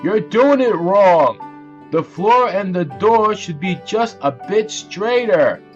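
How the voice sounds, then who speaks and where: A man voicing a bossy, pushy male moose who shouts orders. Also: high-pitched, lively intonation, slow, voice pushed up. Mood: bossy, commanding. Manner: loud, commanding, shouting orders. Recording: dull lo-fi audio with music.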